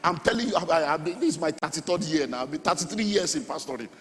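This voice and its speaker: A middle-aged Nigerian man preaching a sermon as pastor, animated, with sudden shouts and sung phrases. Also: fairly high pitch, fast. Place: church hall. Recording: long hall reverb, faint music.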